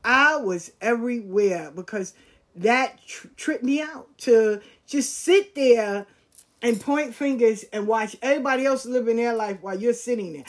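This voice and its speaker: In an unhurried way and a fairly high pitch, a woman relates a personal story. She keeps it slangy and frank, animatedly imitating the voices of people in it.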